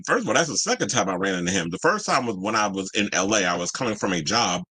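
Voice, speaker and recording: Animated man with a bright, dry voice. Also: fairly low pitch, fast talker, husky, no echo, rough recording. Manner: animated and chatty, reads and answers live chat, swears freely. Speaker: entertainment news show host. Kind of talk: casual pop-culture commentary.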